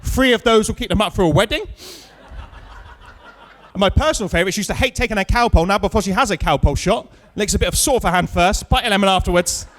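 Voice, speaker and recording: High-voiced man doing dry stand-up. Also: fast, a bit bright. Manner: dry, self-mocking storytelling with punchlines. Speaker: stand-up comedian. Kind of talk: stand-up set with crowd work. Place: comedy club stage, live show.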